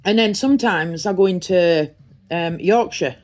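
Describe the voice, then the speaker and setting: A middle-aged woman with a Teesside accent talks in a fairly low voice. She rambles warmly and chattily, gushing now and then, as if to friends in a casual unboxing vlog. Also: a little slow. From Redcar, North East England. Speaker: vlogger.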